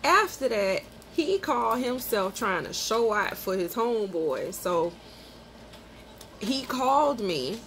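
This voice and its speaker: Profane, animated woman telling a story. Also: medium pitch, slight background noise. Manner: profane, animated, quotes people in sharp outbursts. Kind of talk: casual storytime.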